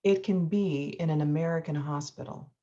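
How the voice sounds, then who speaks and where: A woman's voice: sits low, normal speed, mellow, muffled recording. A woman law professor giving an impassioned lecture, telling a story with rising emphasis.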